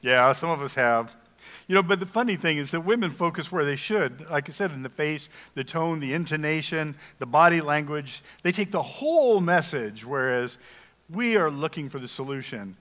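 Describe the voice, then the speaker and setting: Jokey pastor in an echoing church. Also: male voice, on the high side, animated, moderate pace, fairly bright tone. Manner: folksy, humorous, conversational preaching. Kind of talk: sermon. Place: church sanctuary. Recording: long reverb of a church hall.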